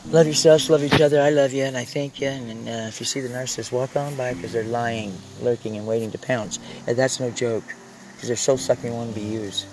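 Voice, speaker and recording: A man's voice: mid-range voice, steady tone, a little fast, noisy background. A man rambling through a casual vlog from inside the vehicle he lives in, raw and heartfelt, often trailing off mid-thought. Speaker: vlogger.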